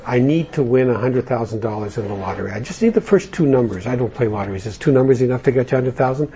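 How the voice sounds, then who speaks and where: A man's voice: medium pitch, fast, warm tone, a little hiss or hum, close to an everyday voice. A man voicing a devout man on his knees, pleading and bargaining earnestly in prayer. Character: devout man praying earnestly for a lottery win.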